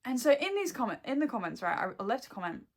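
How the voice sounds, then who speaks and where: A woman's voice: on the high side, very animated, quick pace. A young woman and shop worker venting to her camera at home, swearing heavily and rambling, close to tears. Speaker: vlogger and shop employee.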